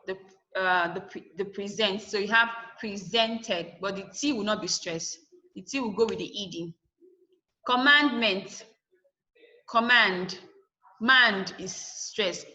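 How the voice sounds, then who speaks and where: A woman's voice: medium pitch, a little slow, sharp tone, lo-fi sound. A woman teaching a lesson over a video call. She asks questions and then answers them herself, and she repeats the key points to stress them. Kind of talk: online class lesson.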